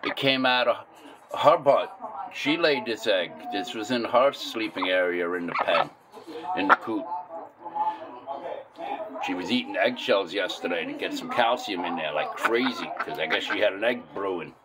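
A man's voice: fairly low pitch, normal speed. A man casually rambling in a vlog outdoors in his yard, playfully talking to his ducks. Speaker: backyard farm vlogger. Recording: loud outdoor noise with fowl. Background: loud ducks quacking.

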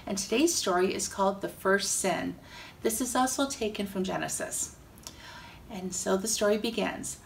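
A woman Sunday school teacher narrates a Bible story for children in a gentle storytelling manner. Her voice has a slight gravel to it. She is recorded a little away from the mic. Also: medium pitch, far from the mic, slight background noise, low-quality recording.

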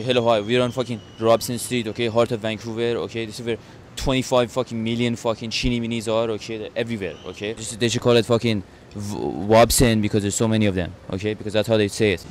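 A man's voice: on the low side, level tone, quick pace. A man giving a crude, profane comedic tour of his city from a moving car, tagging nearly every line with a questioning "okay?". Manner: brash and profane, tags lines with "okay?". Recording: road and traffic noise. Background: car and street noise.

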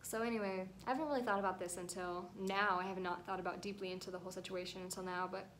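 A woman's voice: medium pitch, steady tone, fast talker, fairly bright tone, slight background noise. A young woman telling a rambling, emotional storytime vlog at home, at times close to tears. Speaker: vlogger.

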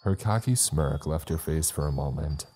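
A man's voice: very deep voice, animated, normal speed, dark tone, faint music behind. A man narrating a scripted first-person horror story in an uneasy, rambling, confessional way.

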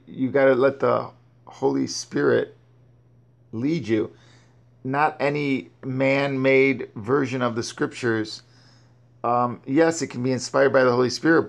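Reading Bible verses with commentary, a man pauses to explain and urge his listeners on. His mid-range voice is gravelly, and he frequently trips over words and starts again.

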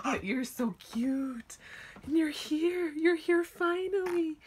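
A woman's voice: high voice, takes it slowly, a little hiss or hum. A tearful, breathless mother at home, soothing and cooing at her newborn baby. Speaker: mother who has just given birth. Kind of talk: home birth video, emotional talk to newborn.

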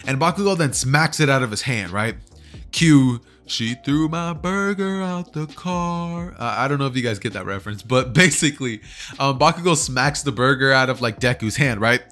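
A man's voice: mid-range voice, quick pace, pushed and bright, faint music behind. A man casually telling a fan story, chatty and slangy, often checking in with his listeners. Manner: chatty, slangy, keeps asking "right?". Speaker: YouTuber.

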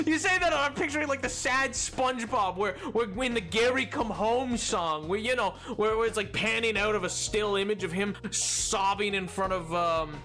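A young man streams a game in a high, bright, forceful voice at a moderate pace, with faint music behind him. Chatting casually, he fields questions aloud and rambles playfully, often backing up to correct himself.

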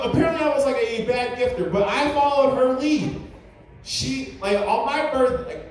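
High-voiced man doing stand-up in an echoey club. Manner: crude, rambling, filler-heavy. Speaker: stand-up comedian. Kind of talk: stand-up comedy set. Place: comedy club stage. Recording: echoey room, mic from far. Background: audience laughter.

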